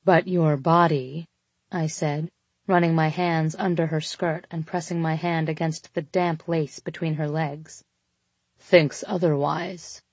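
A woman reading a first-person story aloud in a steady, intimate narration. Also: on the low side, dry recording. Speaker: audiobook narrator.

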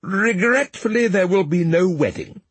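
A man's voice: sits high, animated, normal speed, a bit bright, husky, dry recording, pitched above the performer's own voice, heavily acted. A man voicing a sly, cowardly young prince, in a read-aloud story. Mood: glib.

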